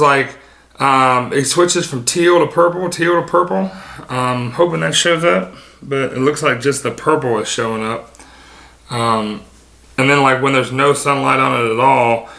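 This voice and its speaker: A man's voice: mid-range voice, creaky, sharp tone, roomy sound. A man casually showing off his sneaker collection, rambling and dropping lots of filler ums. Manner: casual, swears offhand. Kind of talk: casual show-and-tell.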